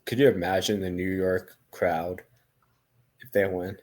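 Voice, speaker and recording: A man co-hosting a casual sports podcast, giving relaxed, analytical breakdowns. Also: low voice, unhurried. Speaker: podcast co-host.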